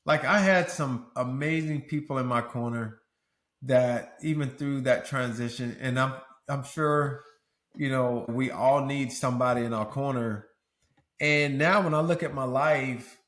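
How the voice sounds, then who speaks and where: A man's voice: medium pitch, fairly bright tone. A middle-aged man and podcast host speaking candidly and earnestly, his voice rising into preacherly swells. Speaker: podcast host and former pro athlete. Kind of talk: candid interview talk. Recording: roomy echo.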